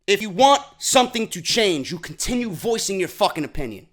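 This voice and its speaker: A vlog host delivers a profane rant. His voice sits very high and sounds bright and edgy. He swings from shouted outbursts down to low, grumbling asides. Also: very animated, a little fast. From New York. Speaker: YouTube show host. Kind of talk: ranting commentary vlog.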